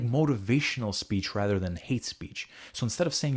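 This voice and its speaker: A young man hosting a casual podcast chat, swearing freely and getting animated as he makes his points. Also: normal speed, few pauses. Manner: animated, swearing freely, jumps into high mocking voices when quoting. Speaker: podcast host.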